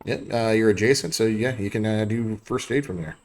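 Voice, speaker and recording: A man from the United States runs a tabletop game as its game master. His voice sits a little low. He talks in halting bursts full of fillers. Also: a little mellow. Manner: halting, many uh fillers, breaks into quick character voices.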